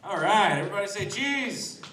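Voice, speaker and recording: A man's voice: sits high, expressive, a little fast, reverberant, distant mic, over loud music. A man doing a loose, laughing stand-up set outdoors, teasing the crowd. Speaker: stand-up comedian. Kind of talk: open-mic stand-up set. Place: outdoors in front of a restaurant.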